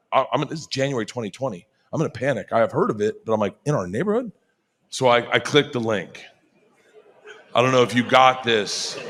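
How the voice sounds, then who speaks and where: A man telling a stand-up story, laughing as he goes and shouting the punchlines. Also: mid-range voice. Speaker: stand-up comedian.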